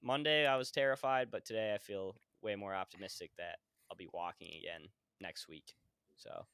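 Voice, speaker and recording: Bright, clear-voiced young man telling stories. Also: low-pitched, moderate pace, no echo, clean studio sound. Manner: storytelling, laid-back, swears often. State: injured foot, hobbling. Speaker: podcast co-host. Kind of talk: casual podcast chat.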